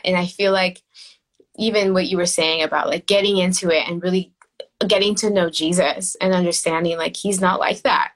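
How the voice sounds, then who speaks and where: A woman's voice: medium pitch, steady tone, brisk, a bit bright. A woman co-hosting a casual faith podcast, talking reflectively with many fillers. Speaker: podcast co-host.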